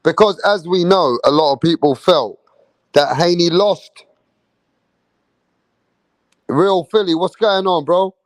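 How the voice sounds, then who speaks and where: A man hosting a boxing channel, chatting casually on a live stream, shouting out viewers in slangy, emphatic talk. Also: sits high, takes it slowly, pauses often, dry recording.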